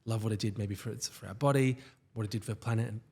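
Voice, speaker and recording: A man, a company founder, telling stories as a guest in a casual podcast interview, with enthusiasm and quick asides. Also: lowish voice, steady tone, warm tone, breathy edge.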